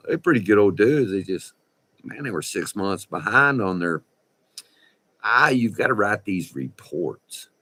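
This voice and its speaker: A man's voice: low-pitched, fairly bright tone. A middle-aged man with a West Texas drawl, telling folksy, slangy stories from his oil field days in a casual vlog. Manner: folksy, slangy, laughs between remarks. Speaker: vlogger, former oil field worker. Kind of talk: casual storytelling.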